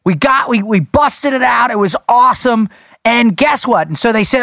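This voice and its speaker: A man co-hosting a podcast, telling a story in an animated, emphatic way. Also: very high voice, moderate pace, dry recording, clean studio sound. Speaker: podcast co-host. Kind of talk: casual storytelling chat.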